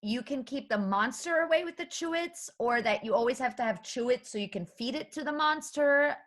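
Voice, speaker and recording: Woman, podcast guest, playful chat, laughs often, higher voice. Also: lively intonation, fairly quick, a bit bright. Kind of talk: casual comedic chat.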